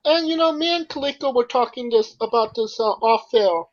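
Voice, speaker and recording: A woman's voice: on the high side, brisk, dull audio. A woman co-hosting a casual podcast, asking questions and pushing back on her co-host. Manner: questioning, pushes back in debate.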